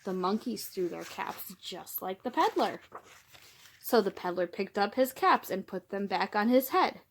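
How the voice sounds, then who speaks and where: A young woman reading a picture book aloud to children, gentle, calling her listeners friends and gasping for effect. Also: medium pitch, very animated, unhurried. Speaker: children's storyteller.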